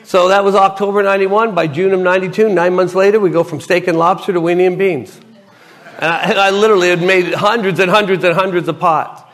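A middle-aged man giving a lively personal testimony at a church gathering, acting out dialogue as he tells his story. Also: high-pitched, quick pace. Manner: lively storyteller who acts out the dialogue and laughs often. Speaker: lay minister sharing his testimony.

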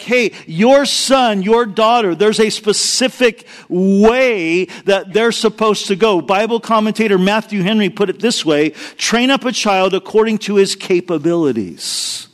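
A middle-aged man preaching a sermon, earnest and emphatic, weaving in personal stories. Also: high voice. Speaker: pastor.

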